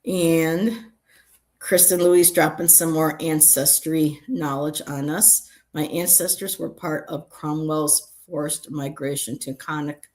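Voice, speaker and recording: A woman's voice: low-pitched, steady tone, takes it slowly, a little mellow. A middle-aged woman hosting a casual livestream, chatting and reading out chat messages with many ums.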